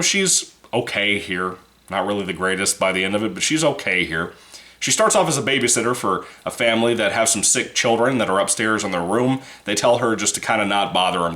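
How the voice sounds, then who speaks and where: A man's voice: fairly low pitch, bright, forceful tone. A man giving a casual, rambling movie review, swearing freely and laughing between points. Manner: rambling, profane, laughs often.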